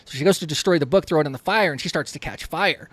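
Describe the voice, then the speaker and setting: A man's voice: fairly high pitch, fast talker, dry recording. A man co-hosting a podcast, chatting casually and profanely about horror films and acting out scenes in quotes. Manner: profane, excited, retells scenes in quoted voices. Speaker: podcast co-host. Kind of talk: casual film discussion.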